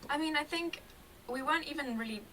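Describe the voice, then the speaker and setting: Quick, lively woman from Kenya. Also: sits high, recorded from a distance, slight background noise, poor audio. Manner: lively storyteller, quick and animated. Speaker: band member guest. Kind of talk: casual interview.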